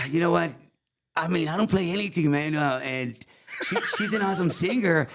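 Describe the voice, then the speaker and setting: A man. He is a guest musician telling stories in casual chat. He talks in an animated way, switches between English and Spanish and laughs often. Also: a little high, normal speed. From South Texas. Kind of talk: casual storytelling.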